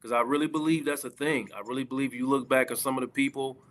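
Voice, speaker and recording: A man's voice: medium pitch, fairly even intonation, quick pace, a bit bright. A man on a discussion panel, speaking in a casual, emphatic and earnest way.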